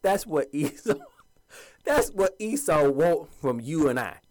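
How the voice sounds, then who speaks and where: A man delivers a fiery, preachy monologue straight to his viewers. His voice sits a little high and swoops up and down with lively emphasis. He now and then mocks the voices of other people. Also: slow. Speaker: commentator addressing viewers. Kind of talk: impassioned monologue.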